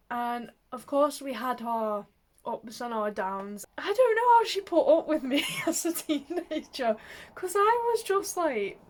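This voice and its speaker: Slow, gentle woman. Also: fairly high pitch. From England, Manchester. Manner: gentle, reflective, laughs softly between thoughts. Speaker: vlogger. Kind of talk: reflective personal vlog.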